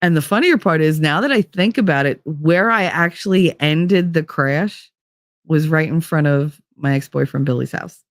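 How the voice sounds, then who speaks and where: A woman's voice: deep voice, moderate pace, no room sound, studio quality. A woman hosting a podcast, chatting through a long personal story in a rambling way, full of "like" fillers. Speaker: podcast host. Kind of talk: casual storytelling monologue.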